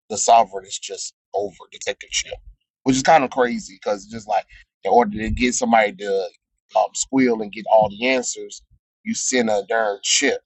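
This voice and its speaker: Low-voiced man recapping a comic. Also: slightly rough, dry recording, low-quality recording. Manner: rambling with frequent ums, chuckles at his own jokes. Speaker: comic book reviewer.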